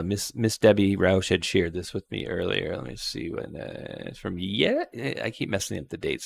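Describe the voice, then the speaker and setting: A man with a fairly low, gravelly voice hosts a relaxed live show. He reads posts aloud and reacts in an easygoing way. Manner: laid-back, laughs often. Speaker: show host. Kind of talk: casual chat, reading posts aloud.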